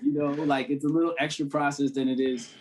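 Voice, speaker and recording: A man's voice: a little high, little pitch movement, a little fast, a little mellow. A man from the Cambridge area, a guest actor in a casual conversation, talking loosely with many "you know what I'm saying" fillers. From Cambridge, Massachusetts.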